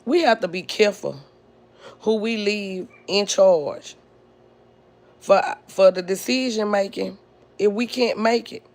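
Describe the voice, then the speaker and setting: Indignant woman with a creaky voice. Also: medium pitch, darkish tone. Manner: blunt, indignant, drawn-out delivery. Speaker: podcast host. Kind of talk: heated personal storytelling.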